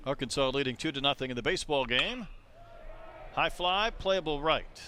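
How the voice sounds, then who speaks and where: A man doing live play-by-play baseball commentary, calling pitches and chatting between them. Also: lively intonation, moderate pace, bright, forceful tone, a little hiss or hum. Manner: conversational, calls pitches between chatty stories. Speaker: play-by-play announcer.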